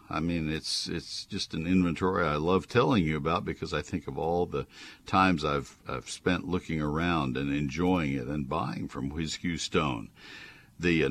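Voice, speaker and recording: Man, very low voice, radio gardening host, chatty, enthusiastic. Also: fairly bright tone, breathy edge. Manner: chatty and enthusiastic, with frequent uhs. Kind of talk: casual call-in radio talk.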